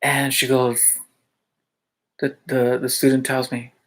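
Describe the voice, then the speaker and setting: A male teacher casually telling funny school stories to his viewers, chatty, with lots of fillers and quick check-ins, often laughing as he goes. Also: medium pitch, completely flat delivery, a bit bright. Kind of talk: casual storytelling vlog.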